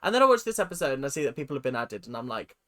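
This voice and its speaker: Animated sarcastic British woman. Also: very deep voice, very fast. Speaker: reaction video host. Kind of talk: casual reaction commentary.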